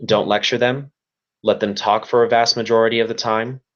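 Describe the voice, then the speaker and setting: Here a man who provides youth services presents a webinar, his lowish voice flat and brisk over dull audio. Earnest and repetitive, he offers practical advice.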